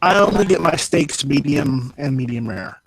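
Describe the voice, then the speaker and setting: A man's voice: a little high, lively intonation, moderate pace, low-quality recording. A man chatting in an online voice lobby, joking and stumbling over the starts of his sentences. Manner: stammering restarts, joking. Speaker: voice chat participant. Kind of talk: casual chat.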